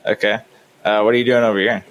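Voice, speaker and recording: Hesitant low-voiced male player. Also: level tone, quick pace, dull audio. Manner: hesitant, questioning. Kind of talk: casual tabletop game chat.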